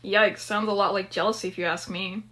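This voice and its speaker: A woman's voice: mid-range voice, steady tone, brisk, sharp tone, close to an everyday voice. A woman voicing a nosy young female best friend who teases and pries. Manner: teasing and nosy. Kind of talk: dramatic story reading.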